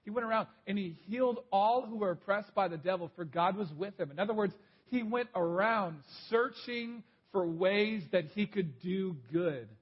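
A man preaching in a husky voice, set a little high for a man, with a dull lo-fi sound. He talks like he is chatting while telling stories, and he repeats his main points. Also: moderate pace. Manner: conversational storytelling preacher, repeats key points. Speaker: pastor. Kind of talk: sermon.

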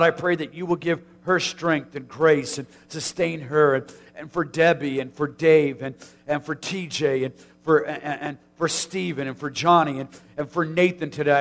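A man with a notably high voice leads a funeral service as pastor, moving between scripture and prayer. He speaks earnestly and from the heart, his phrases sometimes catching and starting over. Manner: earnest, heartfelt, with halting restarts.

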